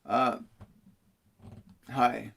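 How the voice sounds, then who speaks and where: A man's voice: mid-range voice, level tone, drawn-out words, vocal fry, a bit bright, husky. A man working as a spiritual medium, reading viewer questions on a live stream and answering them earnestly, often repeating key phrases. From Canada.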